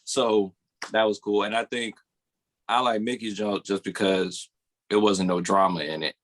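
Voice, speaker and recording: A man's voice: on the low side, fairly even intonation, unhurried. A man co-hosting a podcast in casual chat, rambling and restarting his thoughts. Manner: rambling, restarts, hedging with "or whatever". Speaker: podcast co-host.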